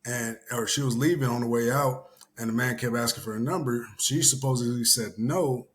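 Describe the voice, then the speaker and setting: A man's voice: medium pitch, moderate pace, fairly bright tone, a little hiss or hum. A young adult man from the Houston area, host of a casual commentary show, telling a story in a rambling way with lots of fillers and casual swearing.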